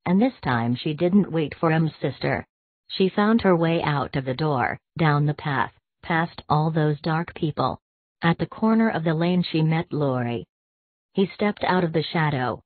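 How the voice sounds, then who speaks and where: A woman narrating a classic short story as an audiobook reader, measured and hushed. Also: sits low, no room sound. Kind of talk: scripted narration. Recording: tinny phone-like dry sound.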